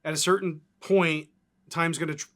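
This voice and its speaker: A man co-hosting a podcast in casual chat, animated and rambling, filling his talk with "like" and "right?". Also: on the high side, normal speed. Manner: animated, rambling, lots of 'like' and 'right?'. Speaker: co-host.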